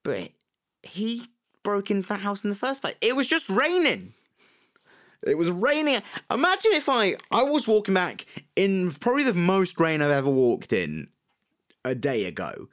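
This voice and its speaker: A young man chats loosely on a podcast, rambling and swearing as he goes. His voice sits a little high. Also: big pitch swings, normal speed. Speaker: podcast co-host. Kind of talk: casual chat.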